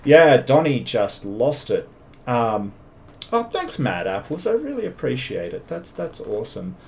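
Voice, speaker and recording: A man's voice: medium pitch, sing-song, unhurried, gravelly, a little mellow, a little hiss or hum. A man hosting his own livestream in a rambling, stammering, exasperated way. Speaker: livestream host. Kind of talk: casual livestream commentary.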